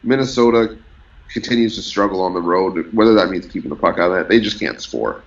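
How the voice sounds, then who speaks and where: A man giving measured, analytical betting picks in a casual sports chat. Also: sits low, dull audio. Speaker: sports handicapper.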